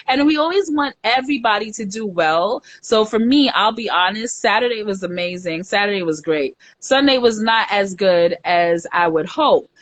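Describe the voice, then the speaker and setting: A woman's voice: mid-range voice, animated, normal speed, few pauses, dry recording. A woman, an entrepreneur talking casually and with feeling as an interview guest. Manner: heartfelt, emotional, chatty with fillers. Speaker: guest, entrepreneur and market organizer.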